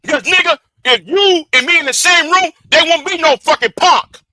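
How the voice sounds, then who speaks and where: A man rants on his livestream, profanely and furiously calling out a rival he talks to directly. His very high voice is bright and forceful at a moderate pace, and the streaming-setup audio is dry and poor.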